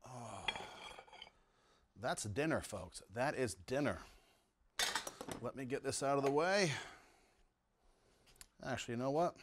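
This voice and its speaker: With a mid-range, animated voice, a middle-aged man takes it slowly and pauses often while showing recipes on his home cooking show. Eagerly savoring the food aloud, he keeps saying "mm" and "wow," over a slight hiss or hum.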